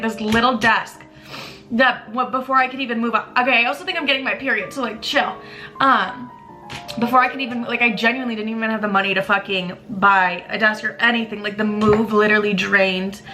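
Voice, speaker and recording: A woman in her twenties tells a raw, confessional story in a bright, forceful voice and swears freely along the way. Her tone is emotional and unguarded. Faint music sits quietly under her voice. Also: medium pitch. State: tearful at times. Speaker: vlogger. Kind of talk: candid storytime vlog.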